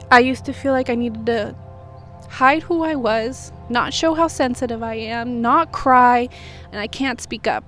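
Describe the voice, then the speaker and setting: A woman's voice: fairly high pitch, a little slow, fairly bright tone, soft background music. A woman talking to camera in a heartfelt, rambling vlog about her own feelings, sometimes close to tears. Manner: heartfelt, rambling, self-reflective. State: tearful at times. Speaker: vlogger. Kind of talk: emotional personal vlog.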